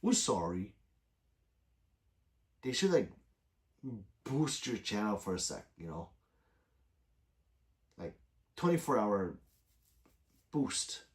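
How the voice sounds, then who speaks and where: A man's voice: on the low side, sing-song, slow pace, pauses often. A middle-aged man hosting a casual late-night livestream, reading chat aloud and answering viewers by name, rambling loosely and swearing often.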